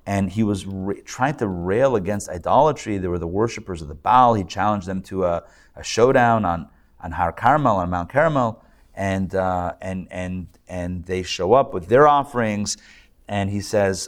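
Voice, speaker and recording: Joking rabbi teaching a live class. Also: male voice, on the low side, animated, moderate pace. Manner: joking, conversational, asks the audience questions. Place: lecture room with a live audience and online viewers.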